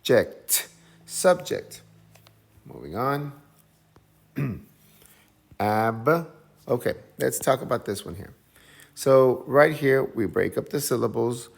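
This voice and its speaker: A man's voice: mid-range voice, gravelly. A man teaching English phonics, patiently sounding out each syllable and repeating whole words several times. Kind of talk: phonics lesson.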